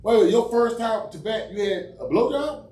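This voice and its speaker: A male host with a fairly high, animated voice who cuts in and laughs. His voice is caught from a distance in an echoey room. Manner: loud, laughing, quick to jump in. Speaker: podcast host. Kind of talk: casual comedic chat. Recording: roomy sound, mic at a distance.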